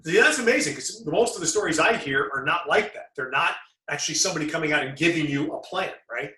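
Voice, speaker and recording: A man hosting a sports talk show, trading baseball stories in an animated way and laughing often. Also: fairly high pitch. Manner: animated, laughing, quick to jump into his own story. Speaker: sports broadcaster host. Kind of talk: conversational storytelling in a talk show. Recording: echoey room.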